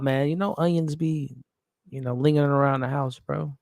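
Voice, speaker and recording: A man's voice: a little high, steady tone, moderate pace, gravelly, darkish tone, dry recording, studio quality. Emotional man hosting a live watch-along. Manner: emotional, talks to chat and his dog, slangy. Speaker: live stream host.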